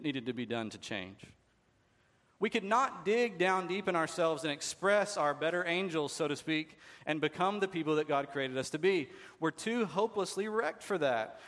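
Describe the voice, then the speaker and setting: A man with a slightly high, fairly bright voice preaches a sermon as a pastor, recorded with long hall reverb. He speaks conversationally and poses rhetorical questions to the congregation.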